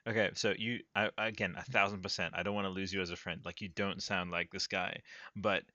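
A male podcast host with a fairly low voice, recorded on a close, dry mic. He chats casually and hesitantly, with lots of fillers and easy laughter. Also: little pitch movement, brisk, bright, forceful tone, no echo, muffled recording.

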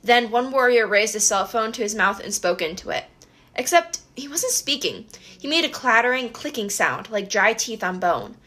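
A woman reading a first-person adventure audiobook with brisk, expressive storytelling. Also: fairly high pitch. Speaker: audiobook narrator.

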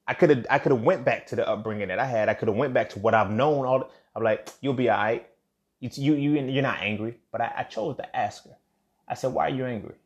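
A young man with a slightly low voice hosts his podcast solo. He talks loosely and casually, doubling back on his words and checking in with listeners as he goes. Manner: conversational, repeats "you feel me", frequent restarts. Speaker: podcast host. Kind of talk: casual monologue.

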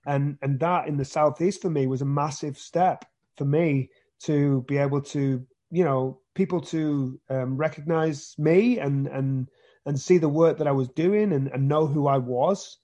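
This interview guest is a British actor discussing his career in a casual way, full of restarts and repeated words. His voice is fairly high-pitched and dark, and he takes his time.

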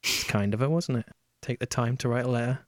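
A man's voice: mid-range voice, fairly even intonation, fast talker, no echo. A man hosting a casual comedy podcast who reads aloud with a dry, mock-earnest manner. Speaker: podcast host.

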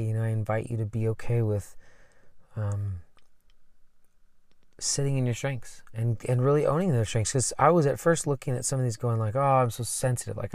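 A man's voice: mid-range voice, a little mellow, no echo, clean studio sound. A man who coaches, talking casually and earnestly about himself, rambling with many fillers. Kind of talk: casual personal talk.

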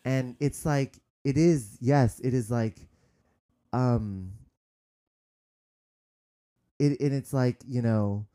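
Hesitant man in candid conversation. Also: mid-range voice. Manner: hesitant, many restarts, grows animated. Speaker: interview guest.

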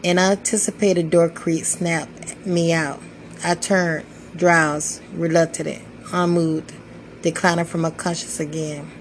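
A woman in her twenties reading her own spoken-word poetry, slow and solemn with measured pauses. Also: on the low side, level tone, slight background noise, rough recording. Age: 20s. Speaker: poetry podcaster.

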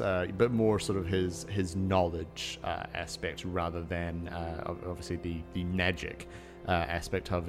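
A man narrating as game master in a tabletop game, halting and full of fillers. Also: low voice.

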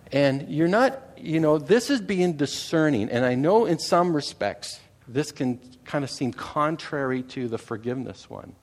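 A middle-aged Canadian man preaching a sermon in a conversational way. He often repeats words and checks in with the congregation. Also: medium pitch. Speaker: pastor.

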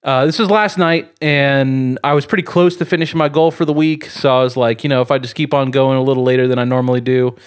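A man's voice: medium pitch, fairly even intonation, fast talker, hardly any pauses, smooth. A man co-hosting a podcast, telling a long story in a rambling way with fillers and chuckles. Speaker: podcast co-host. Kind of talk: casual podcast chat and storytelling.

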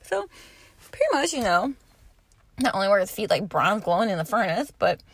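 Animated, gravelly-voiced woman teaching scripture. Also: medium pitch, normal speed. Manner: expressive reading, bursts of loud emphasis. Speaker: Bible teacher. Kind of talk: scripture reading with commentary.

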